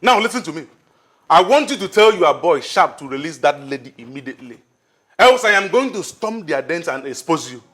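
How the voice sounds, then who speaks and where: An actor playing a man who makes forceful threats. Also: a little high, big pitch swings, brisk. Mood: threatening. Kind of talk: film drama acting.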